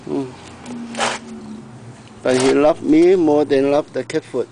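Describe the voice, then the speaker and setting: Middle-aged man, home video narration, slow and unhurried, outdoors on camera mic, faint hiss. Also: a little high, creaky, dark tone, low-quality recording. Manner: unhurried, filling pauses with short hums and "ah"s. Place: outdoors around a house and yard. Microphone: handheld camera.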